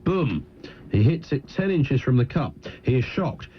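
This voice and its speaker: A man hosting late-night talk radio, telling jokes while mocking his own material. His voice sits at a middle pitch. The sound is a dull lo-fi broadcast with faint hiss. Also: very animated, unhurried. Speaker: radio host.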